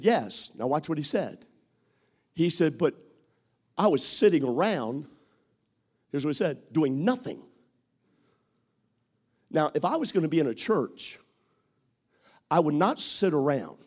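A man preaching a sermon as pastor, acting out what people say and rising to shouts at his peaks. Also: fairly high pitch, slightly rough.

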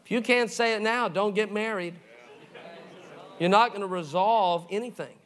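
Animated pastor, man, higher voice. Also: moderate pace. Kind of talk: sermon storytelling.

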